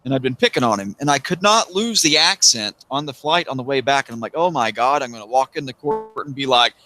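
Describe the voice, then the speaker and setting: A man's voice: mid-range voice, animated, a little fast, bright, forceful tone. A man from the American South who lost his accent, chatting casually as a livestream guest, wry and rambling, with plenty of swearing. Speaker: interviewee, YouTuber.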